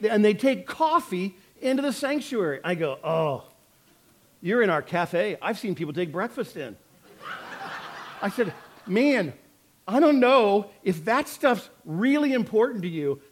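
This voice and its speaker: A male pastor preaching a sermon in an earnest, conversational way, telling personal stories with quoted asides. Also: high-pitched.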